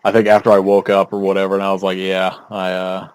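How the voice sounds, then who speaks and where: A young man co-hosts a podcast, his voice sitting a bit low. He chats casually and rambles through fillers, laughing often as he goes. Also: monotone, fast talker, slight background noise. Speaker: podcast co-host. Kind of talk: casual chat.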